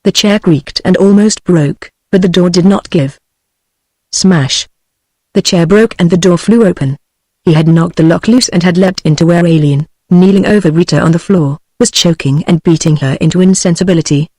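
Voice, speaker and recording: A woman's voice: lowish voice, normal speed, no echo. British female text-to-speech reader. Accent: British English. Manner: even, uninflected delivery of dialogue and narration. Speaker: narrator. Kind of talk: synthetic audiobook reading.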